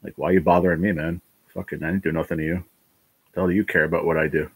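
A man on a casual livestream, rambling through his frustrations and swearing often. His voice sits very low and sounds husky. He sounds worn down by illness, and the recording is close and dry. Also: little pitch movement, rapid-fire, dry recording, poor audio. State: ill, worn down. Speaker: livestream host.

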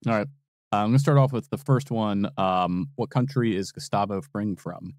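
Playful quizzing man, mellow and dry. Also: fairly low pitch, moderate pace, no room sound. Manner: laughs often, playful quizmaster. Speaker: podcast co-host running trivia. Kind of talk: casual banter.

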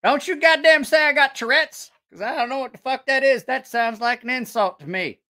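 A man voicing an indignant, cursing grump who is easily offended and talks loudly. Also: very high-pitched, fairly quick, voice pushed up, full character voice. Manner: loud, blustery, profane.

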